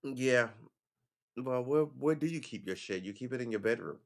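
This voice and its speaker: A man's voice: mid-range voice, lively intonation, normal speed. A man talking casually on a livestream, rambling and profane, with sarcastic asides. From United States. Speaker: livestream host.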